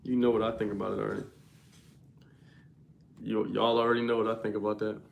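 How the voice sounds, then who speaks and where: A man's voice: lowish voice, flat delivery, fairly quick, vocal fry, reverberant, phone-quality sound, slight background noise. A young man hosting a livestream, talking loosely and slangily straight to his viewers' chat. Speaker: livestream host.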